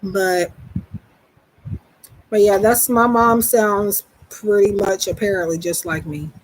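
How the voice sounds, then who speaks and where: A chatty woman with a Southern US accent talks off the cuff on her live stream, voice sitting at an ordinary middle pitch. She rambles in a self-deprecating way, often stopping and restarting her sentences. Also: steady tone, takes it slowly, poor audio. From Southern United States. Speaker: psychic reader hosting a live stream. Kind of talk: casual live-stream chat.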